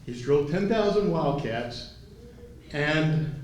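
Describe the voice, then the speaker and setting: A man moderating a dinner event, telling an anecdote in an animated way and acting out quotes. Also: on the high side, slow pace, a little hiss or hum. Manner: animated storyteller, acts out quotes. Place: large banquet hall. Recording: echoey hall, speaker far from mic.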